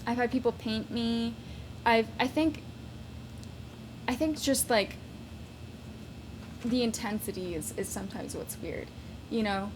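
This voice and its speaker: Woman musician guest, soft and musing with giggles, noisy home recording. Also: fairly high pitch, unhurried, long pauses. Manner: soft, thoughtful, giggly, many fillers. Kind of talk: casual late-night interview.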